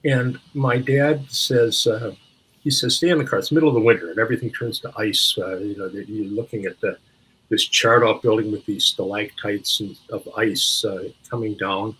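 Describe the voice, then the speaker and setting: Poor audio with slight background noise carries the lowish, steady, fairly bright voice of an older man from Minneapolis, USA, speaking at normal speed. He's a guest on an interview show, reflecting on stories and restarting often as he searches for words.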